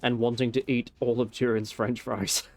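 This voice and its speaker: A man's voice: mid-range voice, flat delivery, normal speed, darkish tone. A young man casually rambling and joking while he streams a game, with some swearing. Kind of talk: casual gameplay commentary.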